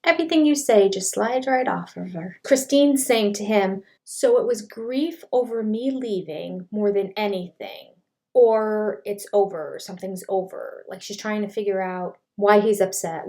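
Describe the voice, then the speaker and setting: An older woman, a speech language pathologist, giving casual commentary on a reality show and reading quotes aloud in an exasperated, animated way. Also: medium pitch. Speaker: reaction channel host.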